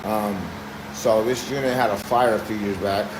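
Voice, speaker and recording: A man from Oakland, California, talks hesitantly into his phone while filming an empty apartment. He rambles and sounds spooked. The bare room echoes, and a loud steady noise fills the background. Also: lowish voice, normal speed. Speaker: maintenance worker filming a property. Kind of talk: casual handheld phone video. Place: empty apartment unit indoors.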